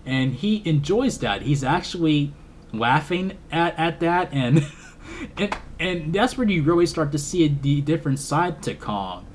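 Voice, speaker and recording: A man's voice: fairly high pitch, animated, measured pace, slight background noise. A man casually reviewing a movie, rambling, repeating himself and laughing often. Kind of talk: casual film review vlog.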